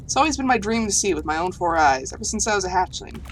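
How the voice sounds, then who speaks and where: A woman's voice: on the low side, animated, rapid-fire, a little hiss or hum, lightly acted. A woman voicing a timid, curious alien archaeologist who is afraid of space, reading game dialogue aloud with a put-on southern US accent, earnest and rambling. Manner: earnest, rambling, easily amazed.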